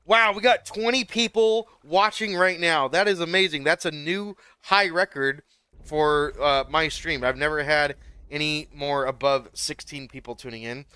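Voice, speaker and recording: A man's voice: a little high, moderate pace, sharp tone, clear, resonant tone, dry recording. A man hosting a game livestream, chatting loosely with lots of fillers and restarts. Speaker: livestream host. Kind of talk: casual livestream chat.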